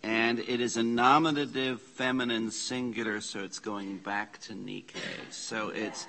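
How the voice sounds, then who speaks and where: A man leading an informal church class, slowly reading out Greek scripture and explaining the grammar with casual asides. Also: fairly low pitch, flat delivery, pushed and bright. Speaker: Bible study teacher. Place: church meeting room.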